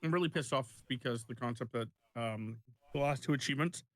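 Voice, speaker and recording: A man's voice: medium pitch, a little fast, no echo. A man in casual chat during a co-op game stream, rambling through stories and swearing when annoyed. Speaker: co-op gaming streamer. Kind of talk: casual chat while gaming.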